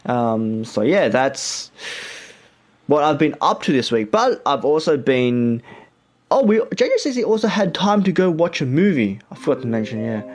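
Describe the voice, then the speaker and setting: A young man from Australia with an Australian accent, hosting a radio show in a chatty, relaxed way with many fillers. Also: on the high side, normal speed. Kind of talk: casual radio chat.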